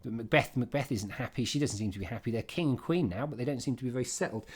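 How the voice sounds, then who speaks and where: A man giving an informal, emphatic revision lesson on a play, with quick asides and restarts. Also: mid-range voice, a little mellow, breathy edge. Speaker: English literature teacher.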